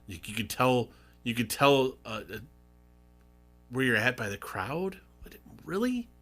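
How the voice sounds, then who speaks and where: A man's voice: mid-range voice, very animated, a little slow, fairly bright tone, soft background music. A middle-aged man hosting a sports talk radio show, in casual, rambling and indignant banter.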